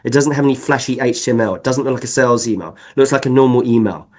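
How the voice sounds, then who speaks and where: A man's voice: mid-range voice, racing. Emphatic man with a mixed English-Kiwi accent. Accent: mixed English and New Zealand. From England. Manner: animated, emphatic, discursive. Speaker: sales consultant guest. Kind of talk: podcast interview.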